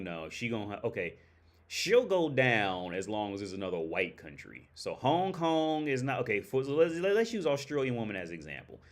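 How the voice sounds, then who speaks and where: A man hosting a livestream, talking bluntly and profanely in a rambling, casual way, often restarting sentences. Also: medium pitch. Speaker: livestream host.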